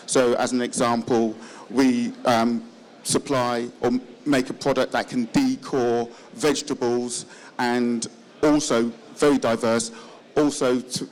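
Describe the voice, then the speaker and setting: A man with a Yorkshire accent pitches his company to a room. He talks in a halting way, with fillers and repeated words. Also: rough recording. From northern England. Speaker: company representative presenting. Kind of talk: event pitch talk.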